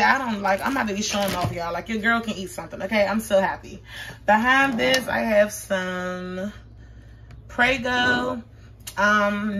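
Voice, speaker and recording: A young woman talking excitedly in a casual vlog from her home kitchen, chatty and constantly addressing viewers as "y'all". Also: mid-range voice, noisy background. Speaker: vlogger.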